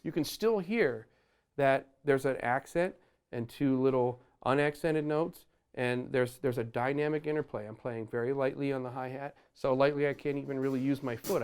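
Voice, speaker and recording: A man teaching a drum lesson, explaining dynamics in a relaxed way and sometimes scatting phrases, with drums playing behind him. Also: medium pitch, clean tone. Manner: explains while playing, counts beats aloud loudly over drums; scats horn phrases to show accents. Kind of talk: instructional lesson. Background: drum kit playing.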